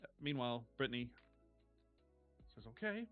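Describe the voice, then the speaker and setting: A man running a tabletop role-playing game as game master, narrating in a measured, descriptive way with casual swearing. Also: lowish voice. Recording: dull lo-fi stream audio with faint music.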